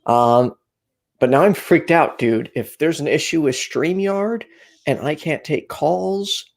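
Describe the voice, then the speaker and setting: A man's voice: on the high side, takes it slowly, vocal fry. A man hosting a casual call-in chat show from home, rambling and a bit anxious, with lots of fillers. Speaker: host. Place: home room, packing up for a move.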